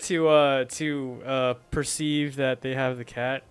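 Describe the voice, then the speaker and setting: A man's voice: mid-range voice, level tone, takes it slowly, clean tone. A man playing a tabletop game, hesitant and giggly with lots of fillers. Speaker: tabletop player. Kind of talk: casual game chat.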